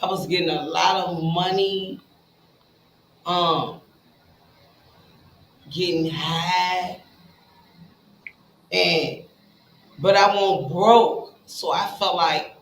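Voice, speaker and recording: A woman telling her own story in a casual, blunt and profane way, talking straight to her listeners and jumping between hushed asides and loud bursts. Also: fairly low pitch, fairly even intonation, drawn-out words, pauses often, a little hiss or hum. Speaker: speaker sharing a recovery story. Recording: roomy echo with faint ambience.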